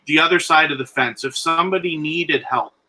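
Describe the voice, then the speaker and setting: A man's voice: a little high, a little fast, bright, forceful tone, poor audio. A man speaking earnestly as a guest on a live stream, giving encouragement and advice.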